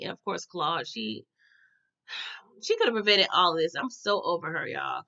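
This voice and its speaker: Lady doing a hype tv recap, lots of slang and y'all, gravelly fry in her voice. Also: fairly low pitch, measured pace, highs cut off. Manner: animated and slangy, addresses viewers as "y'all". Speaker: TV recap host. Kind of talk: casual TV episode recap.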